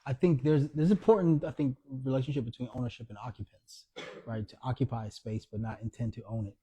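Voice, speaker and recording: Man, author, mellow tone, slightly husky, animated storytelling, book event talk. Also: mid-range voice, fast talker. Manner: animated storyteller acting out quoted dialogue. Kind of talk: storytelling conversation.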